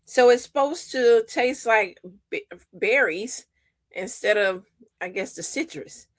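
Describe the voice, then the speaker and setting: A woman's voice: fairly high pitch, lively intonation, slow pace. A woman co-hosting a casual online chat, chatty and playful, often laughing. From Texas. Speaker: co-host.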